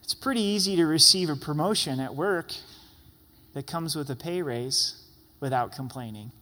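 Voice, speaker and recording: A man preaching a sermon in a lively way, playfully acting out grumbling voices. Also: on the high side, normal speed. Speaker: pastor. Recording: long hall reverb.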